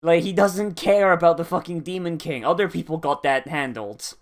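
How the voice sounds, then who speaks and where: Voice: mid-range voice, moderate pace. An anime reaction vlogger giving casual commentary, full of swearing, laughter and sarcastic asides.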